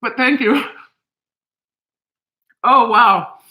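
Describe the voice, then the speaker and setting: A woman's voice: on the high side, extremely slow, sharp tone, reverberant, poor audio. A woman talking casually to camera in her home kitchen, gushing and emotional as she eats. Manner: gushing and emotional, talks while eating. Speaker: cooking vlogger.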